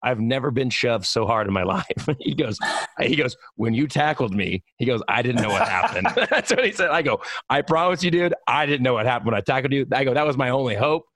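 A man's voice: mid-range voice, a little fast, a bit bright, no echo, studio quality. A man telling a rambling story in casual chat, full of fillers and swearing. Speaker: radio personality.

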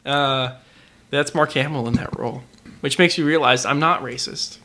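A man's voice: mid-range voice, moderate pace, pushed and bright. A man co-hosting a podcast in casual chat, stumbling over his words with many restarts and fillers. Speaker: podcast co-host.

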